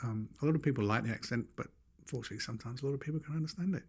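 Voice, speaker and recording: A man's voice: mid-range voice, very fast, slightly rough. A man with a London accent, co-hosting a podcast and telling stories in casual chat, acting out the people he quotes. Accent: London English. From England. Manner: dry, storytelling, mimics others in quoted voices. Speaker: podcast co-host.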